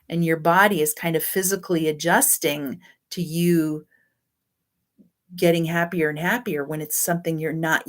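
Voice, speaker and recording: A woman teaching a self-help class on codependency in a loose, chatty way, often correcting herself. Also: lowish voice. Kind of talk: spoken self-help lesson.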